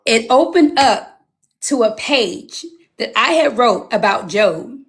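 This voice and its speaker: High, gravelly-voiced woman telling her story. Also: takes it slowly, a little hiss or hum. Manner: animated storytelling, acting out her own past words. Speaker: guest. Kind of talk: personal testimony in an interview.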